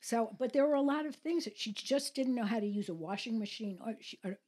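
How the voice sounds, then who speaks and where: Older woman telling stories, lively. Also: fairly high pitch, fairly quick. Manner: storyteller, acts out quoted voices. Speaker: mother of co-host. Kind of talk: casual chat.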